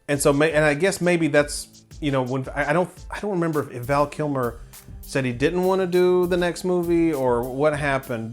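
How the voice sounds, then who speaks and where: A man hosting a film review show, talking in a casual, rambling, opinionated way with many restarts. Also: a little high. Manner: enthusiastic, opinionated.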